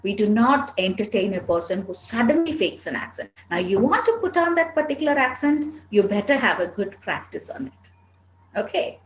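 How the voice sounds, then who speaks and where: A woman's voice: fairly high pitch, animated, moderate pace. A woman with an Indian English accent answering students' questions in a lecture, firm and instructive. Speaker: soft skills trainer. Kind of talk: classroom Q&A lecture. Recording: roomy echo, faint background noise.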